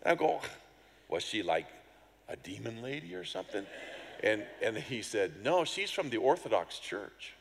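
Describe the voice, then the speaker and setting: A middle-aged male pastor tells a story from the pulpit with a lively, swooping delivery. He acts out other people's voices and sounds, and pokes fun at himself. His voice carries a long reverb from a large hall. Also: medium pitch, moderate pace, gravelly, a little hiss or hum. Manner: animated storyteller, acts out voices and sounds, self-deprecating humor. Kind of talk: sermon with a personal story.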